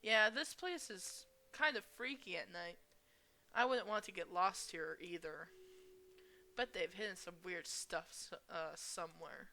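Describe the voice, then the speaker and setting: A woman voicing a tired, caring teenage girl who gently prods her friend in a game voice-over. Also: lowish voice, measured pace. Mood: uneasy. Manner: gently prodding.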